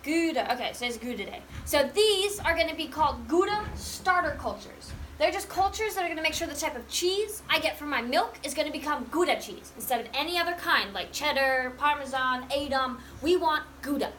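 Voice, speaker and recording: Woman tour guide on a dairy farm, high and bright, chatty and full of questions for the group. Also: a little fast, few pauses, a little hiss or hum. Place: working cheese farm dairy.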